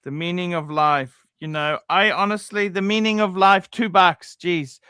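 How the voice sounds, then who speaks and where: A blunt, profane middle-aged man chats casually on a livestream. His voice sits high for a man, and the sound is close and dry with no room around it. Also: fairly even intonation, normal speed, bright, forceful tone, smooth, dry recording. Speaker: livestream host.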